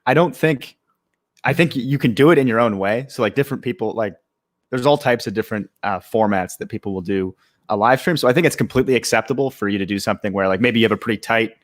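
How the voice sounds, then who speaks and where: A man's voice: fairly low pitch, fast, dry recording, studio quality. A young man, a startup co-founder, talking casually on a live stream with lots of fillers and restarts. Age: young adult. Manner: relaxed, many fillers and restarts.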